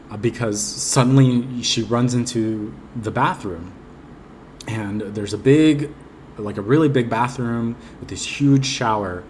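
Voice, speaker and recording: A man's voice: on the low side, a little hiss or hum. A man casually retelling a dream in a rambling, hesitant way, full of ums and restarts. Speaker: vlogger recounting a dream. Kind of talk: casual personal storytelling.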